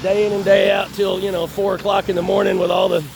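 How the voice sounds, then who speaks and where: Profane man in his fifties, high voice. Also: level tone, fast, noisy background. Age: 50s. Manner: profane, rambling, laughs between phrases. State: in chronic pain. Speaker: vlogger. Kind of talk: casual rambling monologue. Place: outdoors on an urban street.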